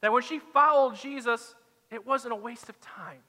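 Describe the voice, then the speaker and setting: A man's voice: extremely high pitch, moderate pace, sharp tone, long reverb tail. A man preaching a sermon as a pastor, dramatic and acting out the quoted lines.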